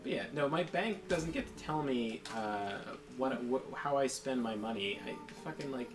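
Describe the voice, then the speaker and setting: A man rants casually in a rambling, profane way as a game plays. His pitch swings in a lively way from phrase to phrase. Game music plays steadily behind him. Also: moderate pace. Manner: profane, rambling ranting with frequent laughs. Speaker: co-host chatting during a game stream. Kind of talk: casual chat.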